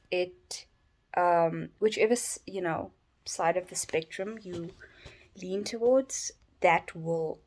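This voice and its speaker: A tired, sleep-deprived woman rambling in a personal vlog from her bedroom, yawning and halting with many restarts. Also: on the low side, darkish tone. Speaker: vlogger.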